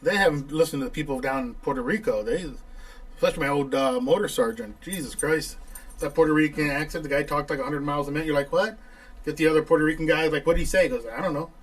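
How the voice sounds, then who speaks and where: A man's voice: a little high, fast, rough recording. A man in casual chat, reminiscing with dry humor about old friends.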